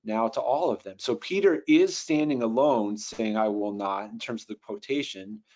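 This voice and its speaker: A man teaching Bible translation in a webinar, thinking aloud with fillers and restarts, and reading Greek words slowly. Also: medium pitch, expressive, a little mellow. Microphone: computer mic on a video call. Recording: dull lo-fi webinar audio.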